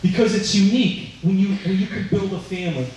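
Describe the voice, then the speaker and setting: A firefighter with a fairly high voice tells firehouse stories at a dedication, acting out the other people's voices as he goes. The sound comes from far off in a very echoey hall, with faint noise underneath. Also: brisk, darkish tone. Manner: storytelling, acting out voices in quotes. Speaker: firefighter giving a dedication speech. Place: large indoor room at a fire training center.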